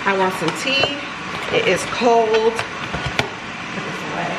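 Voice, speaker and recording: A woman's voice: fairly high pitch, animated, takes it slowly, very noisy. A woman chatting casually to viewers in her home kitchen, speaking into a handheld camera. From Georgia, US. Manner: chatty, warm asides to viewers. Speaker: lifestyle vlogger and mother. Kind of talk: casual vlog chat.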